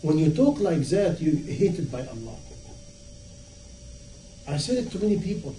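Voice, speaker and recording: Impassioned high-voiced preacher in echoey room. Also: male voice, very animated, a little slow, dark tone. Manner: impassioned, rhetorical questions, acts out dialogue. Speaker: Islamic preacher. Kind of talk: sermon. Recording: echoey room, from far off, faint noise.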